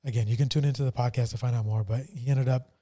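Somber man with a very dark voice. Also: medium pitch, fairly even intonation. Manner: somber, halting storytelling with many fillers. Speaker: podcast co-host. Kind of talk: casual personal testimony.

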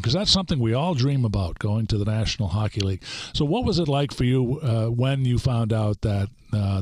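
A man's voice: mid-range voice, a little mellow, no room sound. A man hosting a podcast, asking his guest questions in an earnest, admiring way. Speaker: podcast host. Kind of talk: interview questions.

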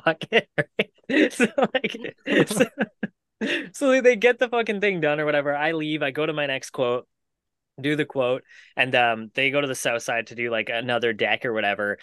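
A man's voice: on the high side, normal speed, fairly bright tone, smooth, no room sound, clean studio sound. A man, co-hosting a podcast and telling a long casual story to friends, swearing freely and laughing as he goes. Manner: rambling with many "like" fillers. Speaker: podcast co-host.

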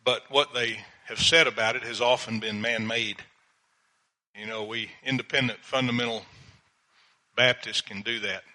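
An older man, a pastor, preaching a sermon in a slow, measured way and reading Bible verses aloud. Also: mid-range voice, steady tone, bright, forceful tone, poor audio.

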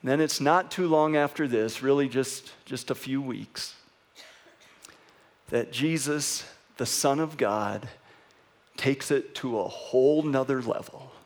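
A man preaching a sermon as pastor, reading scripture with wry asides and building to an excited, rising delivery. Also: mid-range voice, slow. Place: church sanctuary.

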